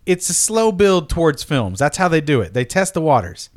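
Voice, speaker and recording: A man's voice: a little high, big pitch swings, moderate pace. A man co-hosting a podcast in casual chat, joking and explaining things with lots of asides. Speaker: podcast co-host.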